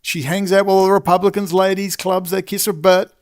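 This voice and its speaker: A man's voice: sits high, little pitch movement, a little fast. A man ranting as a commentator in an angry monologue, swearing and saying he is exhausted. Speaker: political commentator.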